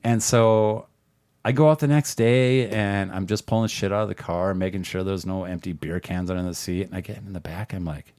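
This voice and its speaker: A man's voice: deep voice, steady tone, normal speed, a little mellow, smooth, dry recording. A man, a podcast guest, telling a rambling, profane story in a casual way and laughing often.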